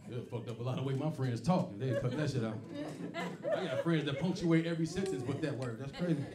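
A man doing a stand-up comedy set, telling stories loudly and profanely and acting out other people's voices, with a laughing audience. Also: mid-range voice, fast, distant mic. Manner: loud profane storytelling, acts out voices. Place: comedy club stage. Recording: echoey club, mic off from speaker, crowd noise.

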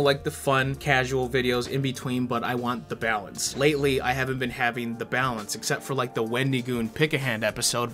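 A man's voice: medium pitch, a bit bright. A man narrating a video essay, then chatting casually and self-deprecatingly with frequent swearing. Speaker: YouTube commentator.

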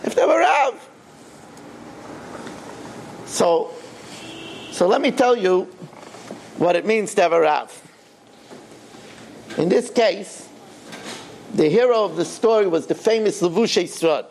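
A man's voice: sits high, expressive, takes it slowly, pauses often, a little mellow, slight background noise. An older man, a rabbi, telling a story in a sermon and acting out the quoted dialogue with animation.

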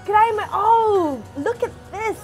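A woman's voice: extremely high pitch, animated, takes it slowly, soft background music, voice pushed up, exaggerated voice. A woman putting on an Australian accent as a cheerful tourist on holiday, drawing words out. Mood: cheery.

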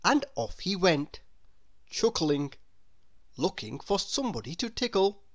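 A woman reading a children's picture book aloud in a slow, expressive, sing-song storytelling voice. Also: mid-range voice, dry recording, dull audio. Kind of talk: children's read-aloud narration.

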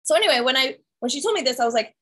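High-voiced chatty woman on a call. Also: rapid-fire, rough recording. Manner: chatty, animated storytelling with lots of "right?" and "like". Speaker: fitness coach leading a team call. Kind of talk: casual presentation to her team.

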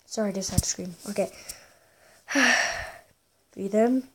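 A woman giving excitable gameplay commentary as a gaming YouTuber, full of gasps, exclamations and playful sing-song bits. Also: mid-range voice, unhurried, background noise.

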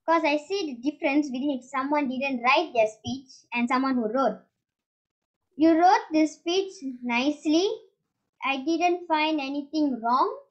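A young woman giving an earnest, halting evaluation of a club speech. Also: sits high. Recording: dull lo-fi sound.

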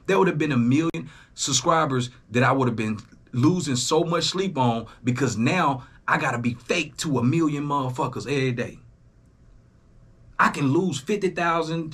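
A young man, hosting a reaction channel in a casual, profane monologue that swings between loud jabs and low asides. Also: breathy edge. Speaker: YouTube reaction host.

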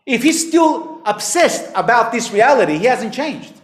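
A man preaching a sermon as pastor, emphatic, his voice rising and falling in pitch and volume. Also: big pitch swings, unhurried. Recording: echoey hall.

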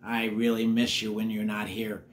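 A man's voice: fairly low pitch, flat delivery, normal speed, slight background noise. An older man reading a picture book to children, chatting and asking them questions between pages. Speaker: storyteller.

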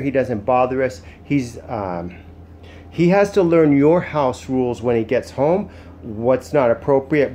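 A man who sits and trains dogs, explaining casually at home. He alternates soft, soothing praise with short, firm commands. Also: mid-range voice, slight background noise. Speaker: dog sitter and trainer. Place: indoors at home.

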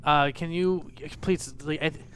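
A man's voice: fairly high pitch, fairly even intonation, unhurried, a bit bright, a little hiss or hum. A man playing a character in a tabletop game, eager and rambling. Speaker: player. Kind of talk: tabletop role-play chat.

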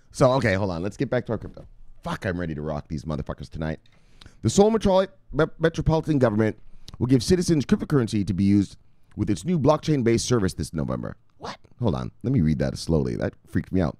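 A man hosting a casual crypto news vlog, excitable and profane, with frequent laughing asides. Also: sits low, fast, no room sound, studio quality. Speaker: host.

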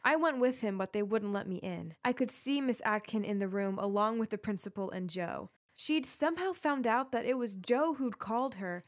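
Woman, narrator, scripted first-person story, confiding, fairly high pitch.

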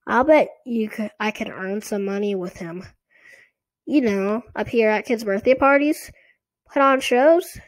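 A woman's voice: medium pitch, unhurried, close to an everyday voice. A woman voicing a cheerful girl who loves puppets in a storybook reading, speaking eagerly and insistently.

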